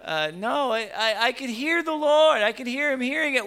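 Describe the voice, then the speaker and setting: A man preaching a sermon with emphasis and rhetorical questions, repeating words as he goes, swinging from quiet to loud. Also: very high-pitched, animated, moderate pace.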